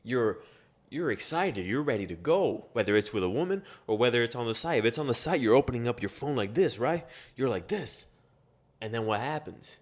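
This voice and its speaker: A man giving a motivational self-improvement monologue, blunt and profane, firing off rapid rhetorical questions. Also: medium pitch, lively intonation.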